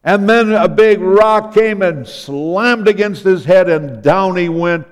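Male preacher, high smooth voice, unhurried storytelling delivery, echoing church hall. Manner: storytelling, acting out the biblical speakers. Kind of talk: sermon. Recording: long hall reverb.

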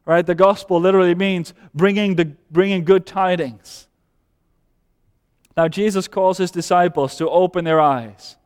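A man whose first language is Dutch preaches to a congregation, pressing his points with repetition and swinging between hushed lows and emphatic highs. His voice sits high and comes through smooth and resonant. Long reverb from the church hall trails each phrase. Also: fairly even intonation, normal speed. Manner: emphatic, repeats phrases, drops to soft low voice then rises. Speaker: pastor. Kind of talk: sermon.

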